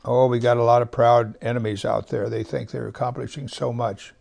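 In a mid-range, level tone roughened by gravel, a pastor delivers unhurried Bible teaching. He stresses the words of each verse heavily as he reads and at times lowers his voice to almost a whisper.

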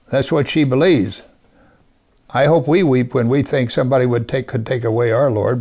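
A man preaching a sermon, reading scripture aloud and talking to his congregation with earnest emphasis, sometimes dropping to a hush. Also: medium pitch, moderate pace, breathy edge. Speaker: pastor.

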